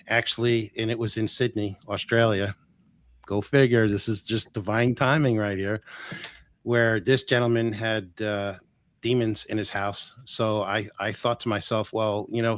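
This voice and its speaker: A man's voice: lowish voice, no room sound. Chatty man in his sixties. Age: 60s. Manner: chatty and animated, piles up quoted dialogue. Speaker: energy healer guest. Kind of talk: casual storytelling on a live show.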